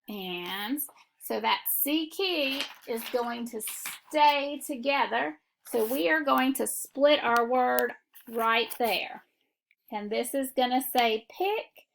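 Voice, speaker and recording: Teacher, female, slightly high voice with some fry, slow patient phonics delivery. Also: fairly bright tone. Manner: slow, deliberate instructional delivery. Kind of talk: phonics lesson for children.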